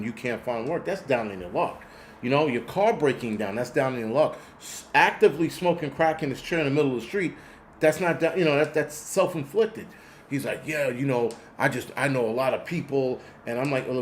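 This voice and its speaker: With a mid-range voice and slight background noise, a man hosting a talk stream rambles through a street story. His language is blunt and profane, heavy with fillers, and he pauses the story to reply to viewer donations.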